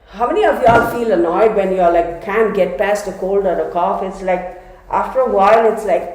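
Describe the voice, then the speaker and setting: A woman's voice: medium pitch, moderate pace, darkish tone. A woman reading tarot cards to camera in a chatty, dramatic way, talking to her viewers while congested from a cold. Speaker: tarot reader. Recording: very echoey room.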